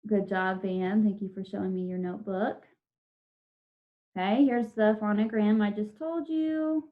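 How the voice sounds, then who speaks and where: A woman teacher walks children through a spelling lesson online, sounding out syllables slowly and patiently. Her voice sits at a middle pitch. The video call audio is dull and lo-fi. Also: steady tone.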